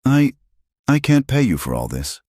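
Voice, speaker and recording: A man's voice: medium pitch, huge pitch swings, normal speed, darkish tone, dry recording, studio quality, pitched above the performer's own voice. A man voicing an earnest, determined widow running a frontier farm. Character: determined young widow rancher, warm.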